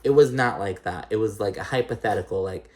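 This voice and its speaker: A man giving a casual, chatty recap of a reality TV episode, blunt and full of fillers, his pitch jumping up suddenly. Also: fairly quick. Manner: chatty, filler-heavy and blunt, with frequent swearing; animated, with sudden jumps up in pitch.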